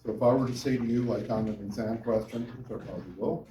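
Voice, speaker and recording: A man's voice: medium pitch, steady tone, quick pace, dark tone, a little hiss or hum. A male university lecturer giving a class lecture, talking with students and often checking in with "right?". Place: lecture hall. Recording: echoey classroom from far off.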